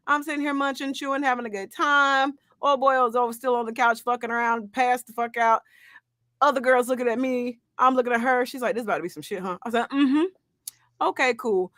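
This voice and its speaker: A woman in her thirties telling a story in casual, slangy chat, animated, laughing and swearing as she goes. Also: high voice, moderate pace, no room sound, clean studio sound. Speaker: podcast co-host.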